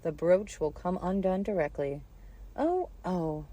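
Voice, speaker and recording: A flustered, scatterbrained old queen, voiced by a woman in a storybook reading. She frets and breaks into shrieks when she is upset. The voice sits low, with a dark and husky tone. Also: lively intonation, moderate pace. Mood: fretful. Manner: fretful, shrieking at times.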